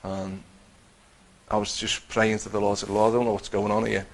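A man's voice: lowish voice, little pitch movement, fairly quick, rough recording. A man telling a personal faith testimony in a conversational way, acting out what he and others said. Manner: conversational, acts out his own quotes, many restarts.

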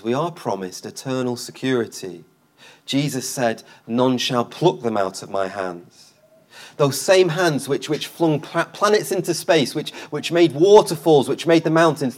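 A man preaching a sermon in a church, passionate, repeating phrases and swinging between loud and soft. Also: a little high. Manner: impassioned, repeats phrases, rises and drops in force. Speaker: street preacher, guest speaker.

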